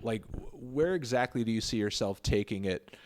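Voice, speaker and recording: A man hosting a casual interview, chatty and quick to laugh. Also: on the low side, expressive. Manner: chatty, laughs easily, breaks into silly voices. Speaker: interview host.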